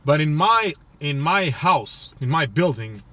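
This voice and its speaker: A man's voice: fairly high pitch, lively intonation, a little slow, sharp tone, a little hiss or hum. A young man telling a rambling, profane, exasperated story on a comedy podcast. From Portugal. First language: Portuguese. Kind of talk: casual storytelling rant.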